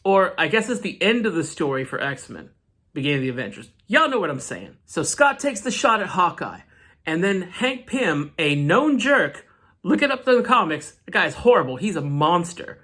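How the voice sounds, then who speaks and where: A man hosting a comic book channel, recapping an issue in casual, animated storytelling with side rants. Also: high-pitched, normal speed.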